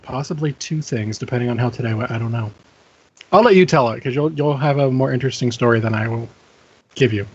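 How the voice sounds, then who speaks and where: A man hosting a casual gaming podcast, playful and teasing, with halting restarts. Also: medium pitch, husky, highs cut off. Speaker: podcast host.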